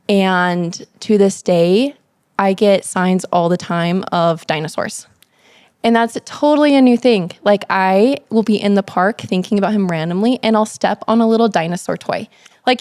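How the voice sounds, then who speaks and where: A woman's voice: mid-range voice, normal speed, a little mellow, dry recording, studio quality. Affirming woman on a podcast. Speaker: podcast guest. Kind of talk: casual conversation.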